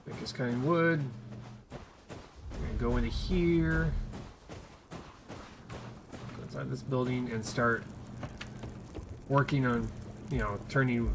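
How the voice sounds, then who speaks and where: A man's voice: medium pitch, fairly even intonation, takes it slowly, long pauses, background noise. Casual man thinking aloud over gameplay. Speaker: game streamer. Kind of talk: live gameplay commentary.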